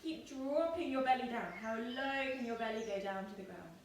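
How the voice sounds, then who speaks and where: A woman's voice: fairly high pitch, moderate pace. Cheerful woman guiding kids' yoga, echoey room. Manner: gentle, encouraging, playful instructions. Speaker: yoga teacher. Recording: echoey room, distant mic, faint noise.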